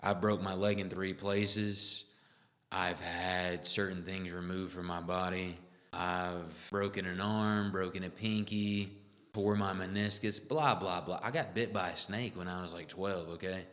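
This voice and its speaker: A man's voice: low voice, level tone, measured pace, a bit bright. A young adult man telling a crude, joking story in a loose, profane, casual way. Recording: echoey room with long reverb.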